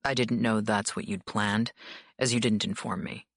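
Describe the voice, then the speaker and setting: A woman voicing a cool, controlled male mafia boss who speaks calmly and evenly. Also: creaky, no room sound, clean studio sound, heavily acted. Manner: calm, low, measured delivery.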